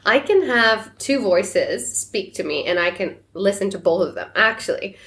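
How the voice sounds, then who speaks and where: A woman co-hosting a podcast in casual chat, giggly and quick with interjections. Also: mid-range voice, animated, a bit bright. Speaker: podcast co-host.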